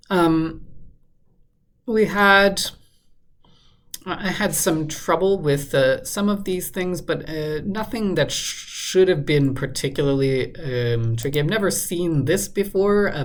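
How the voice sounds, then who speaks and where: A man solving a crossword out loud, muttering guesses and filling pauses with lots of ums and uhs. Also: medium pitch. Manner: muttering, hesitant, many fillers. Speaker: crossword solver. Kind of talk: thinking aloud while solving a puzzle.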